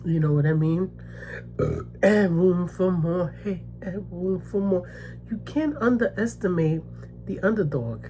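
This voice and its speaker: This mukbang vlogger from the Bronx, New York speaks in a fairly low, warm voice at a measured pace, over a faint hiss or hum. Talking to camera about something personal, she's emphatic and repeats herself, often asking "okay?" and "you know what I mean?"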